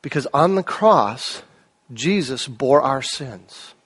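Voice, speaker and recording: A man pastor preaching a sermon in a conversational way, asking rhetorical questions and swinging between louder and softer passages. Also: mid-range voice, lively intonation, takes it slowly, breathy edge.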